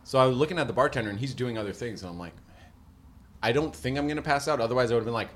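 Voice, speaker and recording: A man's voice: mid-range voice, very fast. A man co-hosting a podcast in casual chat, telling stories and acting out what people said. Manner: animated storyteller who acts out quotes.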